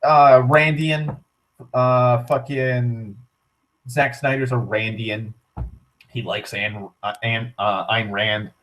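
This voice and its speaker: Slow and flat, with a mid-range, fairly bright tone, a young male vlogger rants casually and aimlessly. He swears often, overuses "like," and restarts sentences frequently.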